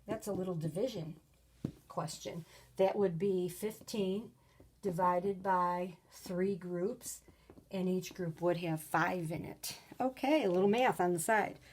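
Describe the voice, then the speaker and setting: A woman teaching a recorded grade-school lesson, patient and clear, sometimes reading example sentences with lively exclamations. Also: lowish voice, slow pace, a little hiss or hum. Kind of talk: recorded video lesson for children.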